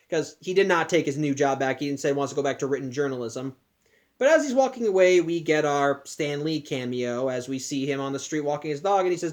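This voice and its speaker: A man's voice: fairly high pitch, quick pace. A man casually recapping a film plot, talking in a loose, chatty way with many restarts and asides. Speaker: podcast host.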